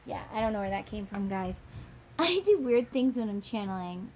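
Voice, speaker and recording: A woman's voice: medium pitch, sing-song, darkish tone, slight background noise. A woman giving a channeled tarot reading to her viewers, musing aloud and dropping into acted quotes. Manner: drawn-out, musing delivery that dips into acted quotes. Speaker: tarot reader.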